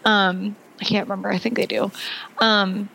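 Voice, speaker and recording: A woman's voice: medium pitch, level tone, moderate pace, gravelly, bright, forceful tone. Easygoing woman co-host with many ums. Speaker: podcast co-host. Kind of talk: casual chat.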